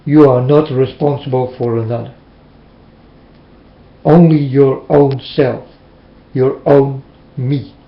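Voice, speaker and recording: A man's voice: medium pitch, fairly even intonation, slow pace, creaky, pauses often. A man delivering a preachy, scolding monologue to his listeners, with emphatic, plain and slightly non-standard phrasing. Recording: roomy, dull lo-fi recording.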